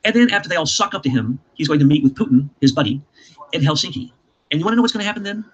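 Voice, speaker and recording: A man with an Ozark accent hosting a casual talk show, insistent and quick, piling up lists. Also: fairly high pitch, lively intonation, husky. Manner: rapid, insistent, piles up lists. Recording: muffled lo-fi recording.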